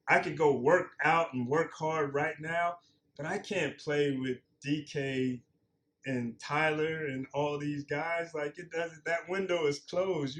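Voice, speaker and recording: A man's voice: mid-range voice, a bit bright, a little hiss or hum. A man in his forties, a former pro football player, talking earnestly and plainly as a guest, repeating himself for emphasis. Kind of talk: reflective interview talk.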